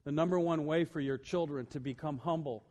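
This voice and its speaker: A man preaching as pastor speaks briskly in a slightly high voice, sharing lighthearted personal stories. He moves back and forth between loud, emphatic moments and quiet, earnest remarks.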